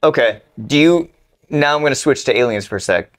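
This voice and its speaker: A young man co-hosting a casual podcast, telling a personal story haltingly with restarts, then protesting excitedly. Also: mid-range voice. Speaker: podcast co-host. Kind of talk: casual chat.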